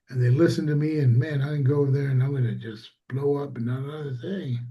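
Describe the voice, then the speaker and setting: A man's voice: mid-range voice, fairly even intonation, quick pace, few pauses, dull audio. A man, a small business owner, telling a story in casual conversation and acting out quoted dialogue.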